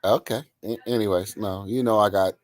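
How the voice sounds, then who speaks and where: A man's voice: fairly low pitch, fairly even intonation, fairly quick, a little mellow, dry recording. A man co-hosting a podcast in casual chat, joking crudely with a drawl. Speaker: podcast co-host.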